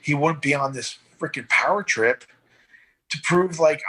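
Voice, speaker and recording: A middle-aged man with a bright, husky voice recalls his years as a rescue swimmer. He rambles and restarts, and he slips into quick impressions of the people in his stories. It sounds like a casual interview. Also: on the high side. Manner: rambling, animated, acts out voices in anecdotes. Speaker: guest, veteran rescue swimmer and paramedic.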